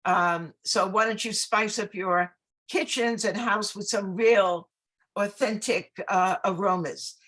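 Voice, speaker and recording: Woman host, halting intro with fillers and self-corrections, video call. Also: medium pitch, fairly even intonation, fairly bright tone. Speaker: event host. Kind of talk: program introduction.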